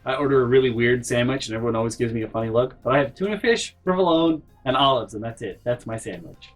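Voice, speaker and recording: A man vlogger telling a comedic story in an animated, exasperated way. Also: medium pitch, fast, poor audio. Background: faint background music.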